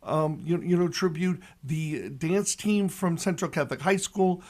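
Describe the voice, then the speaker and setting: A high-pitched man in his sixties with a lilt talks on the radio as a pastor. He tells his stories with animation and raises his voice sharply for the punchlines. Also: a little slow. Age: 60s. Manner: animated storyteller who shouts the punchlines. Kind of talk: radio reflection and joke telling.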